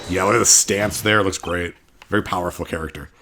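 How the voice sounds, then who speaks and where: A man's voice: sits low, fairly even intonation, brisk, sharp tone, soft background music. A man giving chatty, enthusiastic commentary while playing through a game. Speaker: let's play host.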